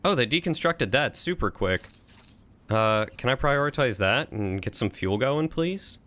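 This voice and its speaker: A man's voice: mid-range voice, expressive, unhurried, fairly bright tone. A man casually thinking aloud while streaming a strategy game, chatting with and thanking his viewers. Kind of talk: casual live-stream commentary.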